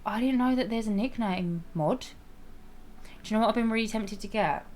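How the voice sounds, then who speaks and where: A woman's voice: on the high side, normal speed, a little mellow, slight background noise. A young woman streaming a life-sim game, chatting casually with viewers, giggling, restarting sentences and apologizing as she goes.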